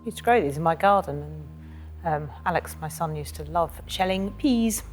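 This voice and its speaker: A woman quiz contestant, reasoning her answers out loud in a TV studio. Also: low voice, moderate pace, soft background music. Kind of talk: thinking aloud on a quiz.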